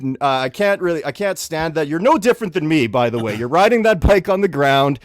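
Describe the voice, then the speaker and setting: A man co-hosting a comedy podcast, ranting in a grumbling, deadpan way. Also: fairly high pitch, brisk, hardly any pauses, no echo, studio quality. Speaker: co-host.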